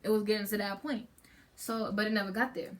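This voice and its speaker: A woman's voice: medium pitch, steady tone, brisk, a little hiss or hum. Chatty teen girl vlogger, rambling storytime. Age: teens. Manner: chatty, rambling with many fillers and restarts. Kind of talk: casual storytime chat.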